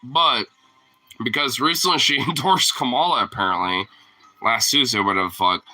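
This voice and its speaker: A man's voice: mid-range voice, moderate pace, sharp tone, rough recording. A man ranting casually as a vlogger, rambling and profane, often laughing at his own points. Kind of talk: casual rant to camera.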